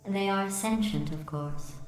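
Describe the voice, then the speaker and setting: A woman voicing a calm character from a video game, speaking in a low, matter-of-fact way. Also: measured pace, music in the background, lightly acted. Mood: dry. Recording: very echoey game audio, long reverb.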